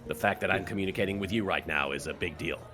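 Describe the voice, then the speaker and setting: A man's voice: sits low, quick pace, over music. A man guesting on a stream, chatting in an easygoing way with dry humor. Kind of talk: casual chat on stream.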